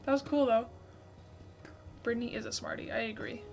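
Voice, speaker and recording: A woman's voice: on the high side, brisk, vocal fry, noisy background. A woman in her twenties hosting a casual gaming livestream, chatting and thanking viewers for gifts. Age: 20s. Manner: reads out viewer messages, thanks gifters excitedly. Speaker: livestream host.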